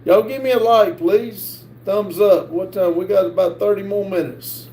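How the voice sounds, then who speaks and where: A middle-aged man with a North Carolina accent hosts a live stream and reads viewer comments aloud, halting often with "uh". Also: high voice, creaky, a little mellow. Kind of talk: casual live-stream chat. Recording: echoey room with faint background hiss.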